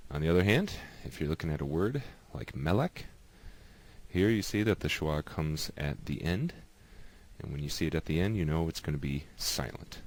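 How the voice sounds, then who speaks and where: A man giving a patient, explanatory lesson, slowly repeating each example word. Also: extremely low pitch, animated. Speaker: teacher.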